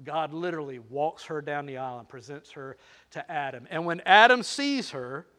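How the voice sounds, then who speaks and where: A man's voice: fairly high pitch, animated, moderate pace, pushed and bright. An older man preaching a sermon, playful and teasing, talking straight to the crowd. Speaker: pastor.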